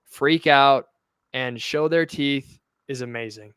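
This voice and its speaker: Emphatic man, smooth and dry. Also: mid-range voice, slow, fairly bright tone, no echo. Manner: emphatic, indignant outbursts. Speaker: podcast host. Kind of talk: political commentary chat.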